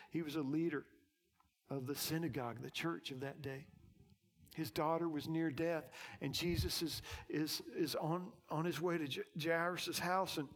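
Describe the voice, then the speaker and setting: A male pastor preaching a sermon, moving between hushed, quiet passages and loud, emphatic peaks. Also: a little high.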